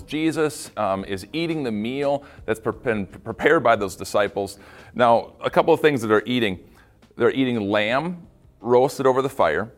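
A male pastor giving a devotional talk, his voice rising and falling a lot as he tells the story. He is animated and chatty, doubles up on words and throws in playful asides. His pitch sits in the middle for a man. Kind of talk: devotional talk for kids and adults.

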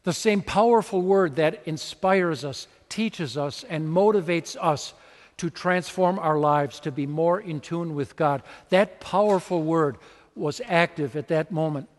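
A man preaches to his congregation in a loose, animated way, slipping into little acted-out scenes. His voice sits a little high. The sound carries the long reverb of a church hall. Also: unhurried. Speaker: pastor. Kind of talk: sermon.

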